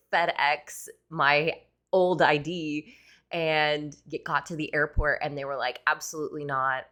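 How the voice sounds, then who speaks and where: A woman with a low voice recounts a personal story on her podcast. She talks casually and animatedly, scattering fillers through her sentences. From United States. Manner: chatty, animated, many fillers like "like" and "you know". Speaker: podcast host, tattoo artist.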